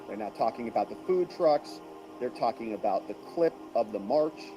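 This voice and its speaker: A man talks through courtroom testimony in a loose, conversational way and adds his own take. His pitch moves a lot as he speaks. Clear music plays behind his voice. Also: animated, normal speed, rough recording. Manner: conversational, relays courtroom exchanges then adds opinion. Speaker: commentator summarizing trial testimony. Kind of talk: casual live commentary.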